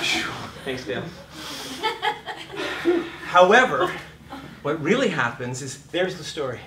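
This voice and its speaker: Loud swearing acting teacher guy, acts out scenes, kinda far off the mic in a roomy hall, light hum behind. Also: fairly high pitch, expressive, measured pace, pauses often. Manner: profane, acts out voices and shouts mid-talk. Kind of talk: animated lecture acting out scenes. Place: lecture room. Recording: echoey room, heard from off mic.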